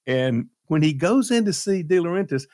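A male radio host telling a story in a casual, animated way, with plenty of fillers. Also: fairly high pitch, moderate pace, no echo, studio quality. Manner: lively, animated retelling with fillers.

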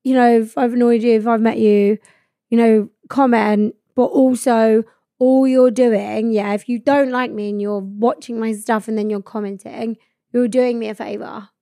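A woman's voice: on the high side, steady tone, moderate pace, dark tone, no room sound, clean studio sound. A young woman, hosting a podcast in blunt, sweary casual chat full of "like". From England. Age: 20s. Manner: blunt, sweary, laughing, lots of "like". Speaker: podcast host.

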